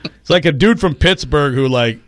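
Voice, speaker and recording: Animated sarcastic male sports radio host. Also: a little high, no echo. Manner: animated, sarcastic, quick asides. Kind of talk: casual sports radio banter. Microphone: studio microphone.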